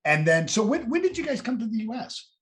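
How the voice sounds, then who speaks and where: A man hosting a casual interview over a video call, enthusiastic and laughing often, stumbling into quick restarts. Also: very high voice, sing-song, a bit bright. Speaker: host.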